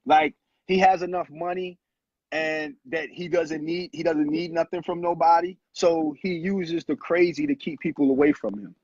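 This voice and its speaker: Casting note: animated male storyteller, high voice, dry lo-fi sound. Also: normal speed, dry recording. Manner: animated storyteller who acts out quotes. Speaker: guest, former pro basketball player. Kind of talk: casual storytelling interview. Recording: muffled lo-fi audio, husky.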